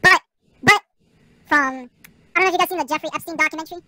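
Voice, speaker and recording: A woman's voice: extremely high pitch, quick pace, dry recording. A woman co-hosting a podcast, arguing her point in casual chat. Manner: argumentative, reasoning out loud. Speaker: podcast co-host.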